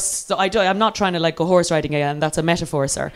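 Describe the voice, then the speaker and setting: A young Irish woman telling a comic personal story, lively and self-mocking, acting out the voices she quotes. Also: mid-range voice, quick pace, few pauses. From Ireland.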